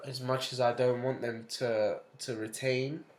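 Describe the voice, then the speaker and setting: A man's voice: mid-range voice, flat delivery, unhurried, slight background noise. A young man co-hosting a casual podcast chat, blunt and opinionated, swearing and mocking in a whiny voice. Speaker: podcast co-host. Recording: roomy echo.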